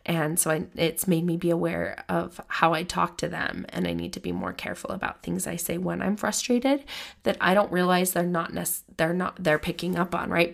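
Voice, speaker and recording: A woman's voice: fairly low pitch, vocal fry, a bit bright. A woman in her thirties hosting a podcast, talking casually and self-deprecatingly, with many restarts. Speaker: podcast host.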